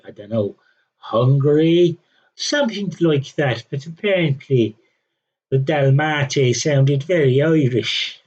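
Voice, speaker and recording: A man's voice: mid-range voice, darkish tone, breathy edge, dull audio. A man streaming a strategy game, talking to himself in a wry, rambling, self-mocking way. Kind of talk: rambling live-stream commentary.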